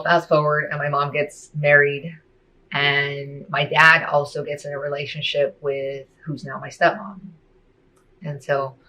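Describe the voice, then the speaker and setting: A woman telling her personal testimony in a soft, hesitant way, with many fillers. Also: sits low, rough recording.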